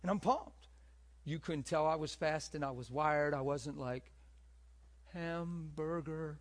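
A male preacher telling his own story in a sermon, animated and swinging between loud bursts and hushed asides. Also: on the high side, normal speed. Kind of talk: sermon testimony.

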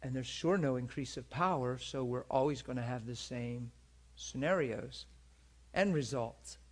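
Man preaching, husky voice, earnest storytelling, checks in with listeners. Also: medium pitch, unhurried. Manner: earnest, asks listeners if they follow. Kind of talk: storytelling sermon.

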